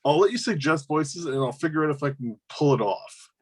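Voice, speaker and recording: A man preparing a tabletop game as game master, talking casually and halting as he thinks aloud. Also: a little high, lively intonation, breathy edge. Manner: halting, repeats words while thinking. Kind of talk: casual game prep chat.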